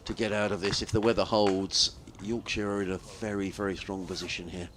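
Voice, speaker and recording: A man calls cricket from the commentary box in a slightly low voice. He drifts into long, chatty stories between balls and laughs often. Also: little pitch movement, fairly quick, a bit bright, a little hiss or hum. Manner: chatty, rambling anecdotes, laughs easily. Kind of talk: live radio-style ball-by-ball commentary.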